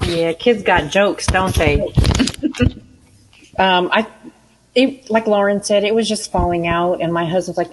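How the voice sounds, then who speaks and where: A woman on a podcast panel, telling a story in relaxed, conversational chat. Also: lowish voice, slow pace, long pauses, a little hiss or hum, low-quality recording. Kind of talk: casual chat.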